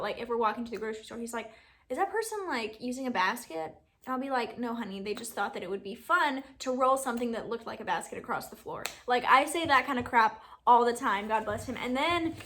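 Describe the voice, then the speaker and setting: Bright-voiced chatty young woman. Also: on the high side. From Alabama, US. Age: 20s. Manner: chatty, rambling, laughs often. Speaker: beauty YouTuber. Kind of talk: casual Q&A vlog.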